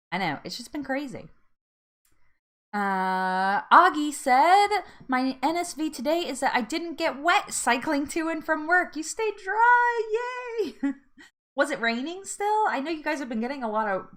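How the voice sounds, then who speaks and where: Lively chatty woman host. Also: high voice. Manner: chatty, laughs often, reads out viewer comments. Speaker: host of a live weight loss support chat. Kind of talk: casual live-stream chat.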